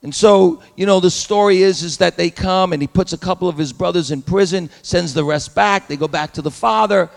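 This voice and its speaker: Man preaching, high gravelly voice, dramatic, long hall reverb. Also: brisk, hardly any pauses. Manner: dramatic, acts out the voices of biblical figures. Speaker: pastor. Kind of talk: sermon.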